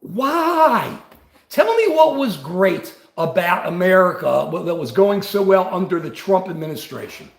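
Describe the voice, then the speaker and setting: A man's voice: high voice, sing-song, a little slow, creaky, reverberant. An older man and grandfather, host of a livestream, giving rambling, combative political commentary.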